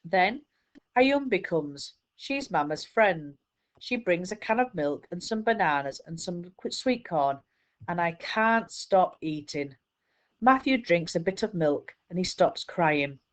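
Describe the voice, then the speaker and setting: A woman's voice: lowish voice, lively intonation, slow pace. Woman reading a children's story aloud.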